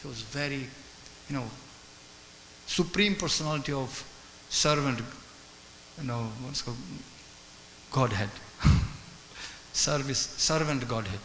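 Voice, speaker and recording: A man giving a sermon as a guest speaker, telling stories in an animated way, acting out dialogue and chanting Sanskrit verses. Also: medium pitch, a little slow, long pauses. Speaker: guest speaker at a temple class. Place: temple hall. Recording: echoey temple hall with faint hiss.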